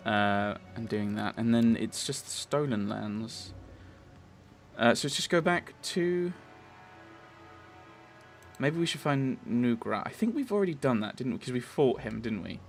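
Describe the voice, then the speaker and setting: A man's voice: medium pitch, sing-song, unhurried, pauses often, soft background music. A man casually commentating his game playthrough, rambling with lots of restarts. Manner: rambling, chatty, many fillers and restarts. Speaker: let's play host.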